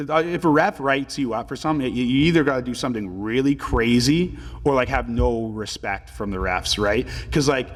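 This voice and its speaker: A man in his twenties, a pro hockey player telling stories as a podcast guest in a relaxed, filler-heavy way and swearing casually. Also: mid-range voice, long reverb tail. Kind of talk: casual storytelling interview.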